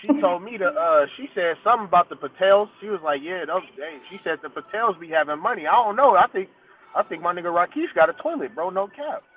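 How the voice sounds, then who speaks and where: A man's voice: high-pitched, expressive, quick pace, phone-quality sound. A man in a casual group chat, teasing in profane banter.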